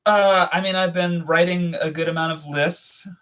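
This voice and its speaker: Man, live-stream co-host, playful and joking, fairly high voice, casual chat. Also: fairly even intonation, normal speed, a bit bright.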